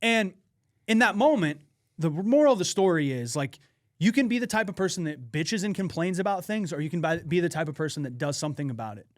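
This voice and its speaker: A man co-hosting a podcast, telling a personal story in an animated way with frequent swearing. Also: fairly high pitch, a little fast. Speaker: podcast co-host. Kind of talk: casual podcast chat.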